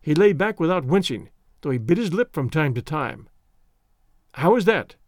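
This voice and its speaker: A man narrating a classic story as an audiobook reading, measured and expressive. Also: fairly high pitch, no echo, studio quality.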